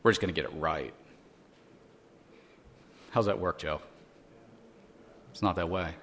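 A man's voice: low voice, a little slow, fairly bright tone, a little hiss or hum. A man teaching a church Bible lesson, earnest and explanatory, using rhetorical questions and frequent restarts.

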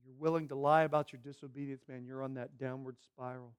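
A man preaching a sermon as pastor, animated and acting out characters' voices as he teaches. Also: mid-range voice, fairly quick, smooth.

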